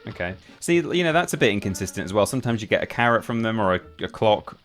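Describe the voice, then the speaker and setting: A young man talks in a low voice, chatty and rambling, often breaking off and restarting his sentences. He is a streamer chatting with viewers while he plays. Gentle game music sits quietly underneath. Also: very animated, quick pace. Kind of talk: casual live-stream chat while gaming.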